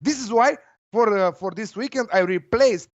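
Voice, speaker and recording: A man with a Romanian accent, a betting tipster guest in casual chat, speaking haltingly with many fillers. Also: high voice. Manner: filler-heavy, halting, upbeat. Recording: slightly dull lo-fi line.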